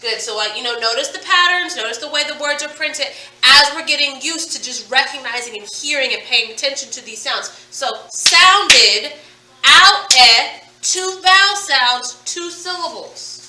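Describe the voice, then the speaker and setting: A woman's voice: sits high, normal speed, bright, forceful tone, far from the mic, a little hiss or hum. A woman teaching a phonics lesson, patiently drilling words and asking questions. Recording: echoey room, away from the mic.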